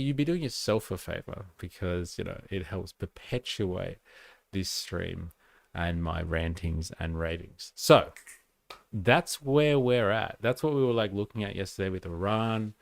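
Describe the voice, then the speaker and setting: A man's voice: sits low, gravelly, dry recording. A man with a Western Sydney Australian accent hosting a live stream of casual political commentary, rambling through lots of fillers and chatting with viewers.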